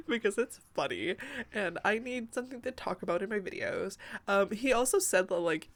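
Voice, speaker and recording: A woman's voice: medium pitch, lively intonation, moderate pace. A young woman chatting casually in a voice-over, rambling with lots of fillers and frequent giggles. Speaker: Sims builder and YouTuber. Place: home room by day.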